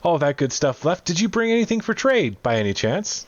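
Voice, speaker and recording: A man's voice: a little high, very animated, a little fast, pitched above the performer's own voice. A jittery, fearful woman cook who pleads for food and fusses over every trade, as a man puts her on in a lifted voice. Her talk is fluttery and eager, heard through a dull, lo-fi voice chat. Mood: pleading.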